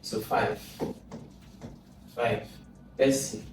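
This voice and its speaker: Slow Nigerian man tutoring in echoey room. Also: medium pitch, steady tone, slight background noise. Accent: Nigerian English. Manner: slow, thinks aloud, repeats sounds over and over. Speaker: exam prep tutor. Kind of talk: informal exam lesson. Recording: echoey room, far from mic, music behind.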